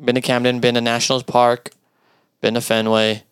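A man hosts a sports podcast in easygoing, upbeat back-and-forth. His mid-pitched voice is smooth and clear. The sound is dry and close. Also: monotone, moderate pace, no room sound. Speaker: podcast host. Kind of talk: casual chat.

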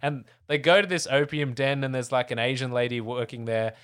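A man's voice: mid-range voice, steady tone, brisk, a bit bright, clear, resonant tone. Man recapping a film plot casually. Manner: retells scenes with comic voices.

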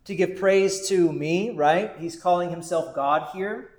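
A man preaching as a pastor, earnest and measured, often checking in with the congregation. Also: high voice, echoey room. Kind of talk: sermon.

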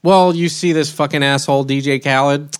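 This man co-hosts a loose comedy podcast and throws in blunt, crude lines. His voice sits a little high. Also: steady tone, brisk, clear, resonant tone. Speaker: podcast co-host. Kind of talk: casual comedy podcast chat.

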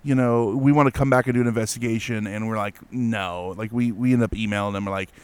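Smooth-voiced man telling a story. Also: on the low side, quick pace. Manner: animated, lots of fillers and restarts. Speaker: guest telling a ghost story. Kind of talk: casual storytelling.

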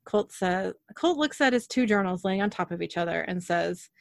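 A woman talks through a TV episode scene by scene, reading the characters' lines without much change of voice. Her pitch sits in the middle, and the recording is dry and close with little room sound. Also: lively intonation, creaky, no echo. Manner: narrates scenes briskly, quoting characters in near-own voice. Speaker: podcast host recapping an episode. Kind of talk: casual recap, reading scene lines aloud.

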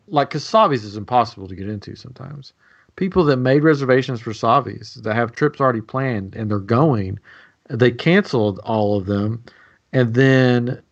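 A man's voice: mid-range voice, highs cut off. A man from Tennessee, joking around in casual chat as a podcast co-host. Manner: animated, joking, laughs easily.

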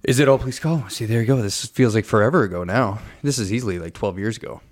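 A man's voice: fairly low pitch, fast talker. A man in his thirties, co-hosting a podcast and telling a long travel anecdote with rambling asides and self-corrections. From Canada. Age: 30s. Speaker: podcast co-host. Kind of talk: casual storytelling.

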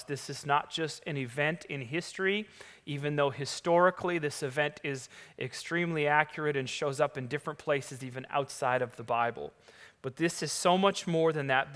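A man preaches to a congregation, reading scripture and explaining it with emphatic, building lists. His voice is bright and smooth, a touch higher than most men's. The sound carries a long hall reverb. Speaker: pastor. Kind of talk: sermon.

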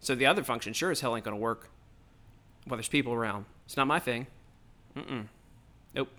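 A man's voice: medium pitch, fairly quick, sharp tone. A man hosting his own podcast, delivering a heated, profane, rambling political rant straight into the mic. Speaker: podcast host.

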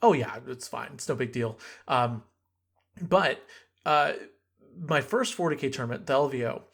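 Young male podcast host, casual storyteller, lots of fillers, mid pitch. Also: expressive, normal speed, a bit bright, husky. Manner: rambling, many fillers and restarts.

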